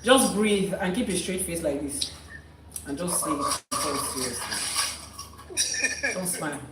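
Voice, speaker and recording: A woman's voice: fairly low pitch, animated, unhurried, fairly bright tone, a little hiss or hum. A woman leading a live-streamed spiritual session as an Ifa priestess, coaxing and teasing her guest and chanting prayers. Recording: roomy sound from a distant mic.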